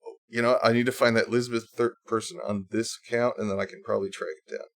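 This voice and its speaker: This is a man's mid-range voice, level in tone and fast. He's a livestream host in a casual setting, sarcastically reading posts aloud, mocking them with whiny put-on voices, and rambling through many fillers and restarts.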